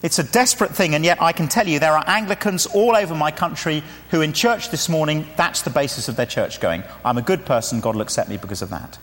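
A man preaching a sermon, earnestly pleading and slowing down gently to lead a prayer. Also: high voice. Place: church. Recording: church hall reverb.

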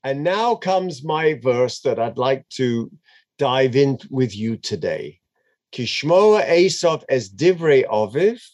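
Animated man chanting and explaining scripture. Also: mid-range voice, slow pace. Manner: chants Hebrew verses then translates, dramatic and expressive. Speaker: Torah teacher. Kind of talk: animated text study lesson.

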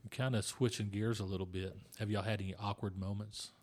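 A man hosting an interview, talking in a calm, relaxed way. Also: lowish voice, brisk. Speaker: host.

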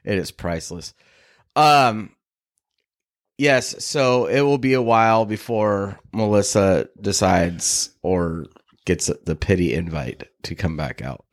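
A man's voice: lowish voice, animated, slow pace. A man co-hosting a casual podcast, teasing and laughing often, explaining things earnestly. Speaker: podcast co-host. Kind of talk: casual chat.

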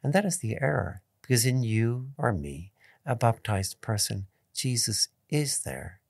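A priest giving a calm, measured spoken meditation, stressing key points by repeating them. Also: male voice, mid-range voice, creaky, no room sound, studio quality. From Ireland. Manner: calm, measured teaching tone with emphatic repetitions.

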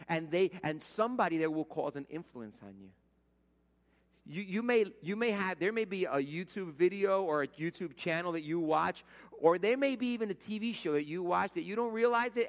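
A man's voice: a little high, fairly bright tone. A middle-aged man preaching a conversational sermon as pastor, telling everyday stories and acting out the voices he quotes. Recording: long hall reverb.

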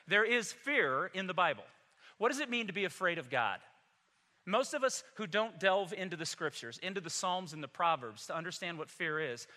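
A man's voice: a little high, bright, forceful tone, long reverb tail. A man pastor delivering a Christmas Sunday sermon in a church, emphatic and telling humorous stories. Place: church sanctuary.

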